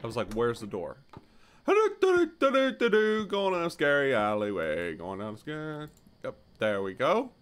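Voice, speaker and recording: A man giving casual, animated commentary while playing a store game, jumping to high excited exclamations and mock-polite shopkeeper lines. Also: slow, faint music behind. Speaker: gaming YouTuber.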